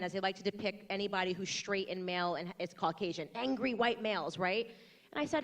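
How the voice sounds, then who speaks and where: A woman's voice: mid-range voice, steady tone, a little fast. An American woman in her thirties giving a combative, rousing political speech to a crowd. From United States. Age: 30s. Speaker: political commentator speaking to a crowd.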